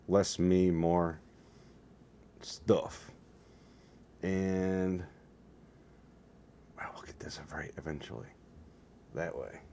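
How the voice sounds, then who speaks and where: Man, vlogger, deep voice, warm tone, meandering, self-deprecating, tired. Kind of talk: rambling casual vlog.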